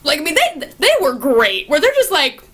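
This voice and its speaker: A young woman with a bright, high voice chats casually about a film she loves. Her talk is excitable and gushing, peppered with swearing and constant fillers as she rambles from one favorite moment to the next. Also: moderate pace, background noise. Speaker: movie reviewer. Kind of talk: casual chat.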